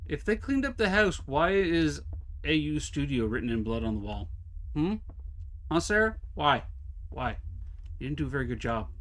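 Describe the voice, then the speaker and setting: A man's voice: a little high, very animated, moderate pace, pauses often, fairly bright tone. A man streaming a horror game live, chatting to himself and the game with wry asides. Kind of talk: live gameplay commentary.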